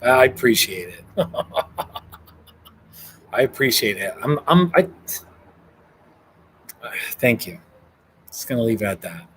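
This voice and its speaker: A man's voice: medium pitch, very animated, slow, pauses often, fairly bright tone, a little hiss or hum, poor audio. A man hosting a casual livestream from a hotel room, reading viewer comments, thanking people by name and laughing often. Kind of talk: casual live chat.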